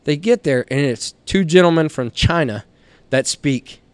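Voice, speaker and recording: Man, Texan accent, podcast guest, storyteller, blunt, salty humor, laughs while talking, clear smooth voice, dry studio sound. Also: fairly high pitch, a little slow, no room sound. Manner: animated storyteller, laughs through his tales, blunt and salty. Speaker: guest, helicopter hunting outfitter.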